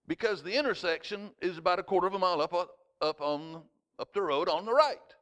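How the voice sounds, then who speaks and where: Male pastor preaching; lively storyteller who acts out shouting voices. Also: on the high side, moderate pace, highs cut off. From United States. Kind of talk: sermon.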